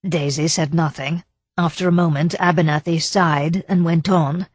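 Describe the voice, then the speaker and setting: A woman narrating an audiobook of a period mystery in a measured, expressive way. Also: low-pitched, breathy edge, dry recording. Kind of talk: scripted narration.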